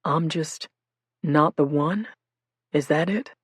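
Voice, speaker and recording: A woman voicing a gentle, patient young man who speaks softly and pleads with tenderness. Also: sits low, takes it slowly, husky, dry recording, studio quality, exaggerated voice. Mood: gentle, pleading. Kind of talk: audiobook character voice.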